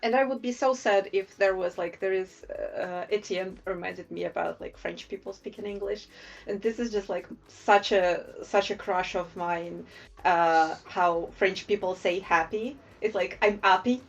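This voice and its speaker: A woman's voice: mid-range voice, fairly even intonation, a little slow, gravelly. A woman with a Slavic accent, a Slavic language her first tongue, chatting playfully and giggling on a drawing live stream. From Slavic country. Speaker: associate art director, stream guest. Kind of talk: casual live-stream chat. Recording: slightly dull audio, faint music.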